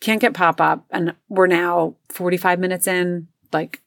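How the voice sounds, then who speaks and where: Chatty mother telling a story, lowish voice. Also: little pitch movement, a little slow, vocal fry, no room sound, studio quality. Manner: chatty, filler-heavy, acts out quotes in raised voices. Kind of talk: casual personal storytelling.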